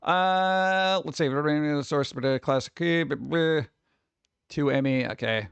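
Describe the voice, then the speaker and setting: Stream host, male, a bit high-pitched, dry close mic, rambly and quick to grumble. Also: clear, resonant tone, dry recording, lo-fi sound. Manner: rambling, exclaims and grumbles at tech trouble. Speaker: livestream host. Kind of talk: casual live-stream chat.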